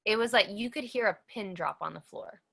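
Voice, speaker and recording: A woman's voice: mid-range voice, brisk, creaky, a bit bright. A woman giving an earnest personal testimony in an interview, telling her story emphatically and repeating phrases for weight. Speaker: cancer survivor guest.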